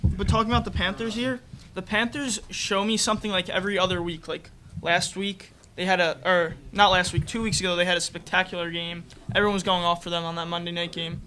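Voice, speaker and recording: A man's voice: sits high, level tone, fast talker, few pauses, pushed and bright, a little hiss or hum. A young man co-hosting a casual football podcast, giving rambling, hedged opinions. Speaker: podcast co-host. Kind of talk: casual sports podcast chat.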